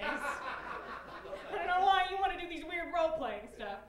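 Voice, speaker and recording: A woman in her late twenties performing a stand-up comedy set, self-deprecating and given to loud excited bursts. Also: fairly high pitch, moderate pace. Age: late 20s. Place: comedy club stage before a live audience. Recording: roomy club sound, audience laughter.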